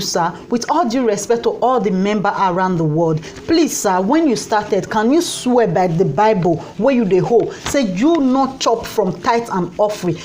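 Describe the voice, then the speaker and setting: A woman with a Nigerian Pidgin accent delivers a heated opinion commentary. Her voice sits on the higher side, and she keeps pleading and circling back to the same points. Faint background noise runs under the recording. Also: darkish tone. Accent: Nigerian Pidgin English.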